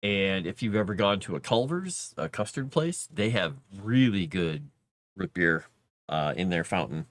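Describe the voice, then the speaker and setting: A man's voice: sits low, animated, a little slow, no echo. A man casually chatting with viewers on a livestream, playful and rambling as he talks. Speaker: streamer and game writer.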